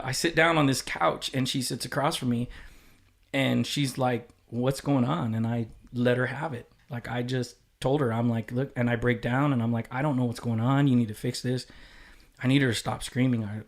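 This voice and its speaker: Candid, profane man telling a story. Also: medium pitch. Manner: candid and profane, acting out quoted dialogue. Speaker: podcast guest. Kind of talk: casual storytelling chat.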